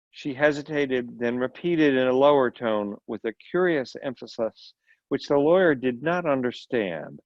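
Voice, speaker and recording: A man's voice: mid-range voice, lively intonation, normal speed, dry recording. A man, a volunteer reader, reading a short story aloud with occasional slips and brief asides. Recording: dull lo-fi recording.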